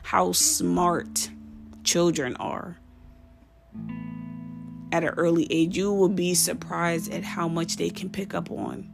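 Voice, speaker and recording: A woman's voice: fairly low pitch, level tone, slow pace, gravelly, long pauses, music in the background. A woman hosting a parenting podcast, giving casual advice in an earnest, heartfelt and direct way. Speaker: podcast host.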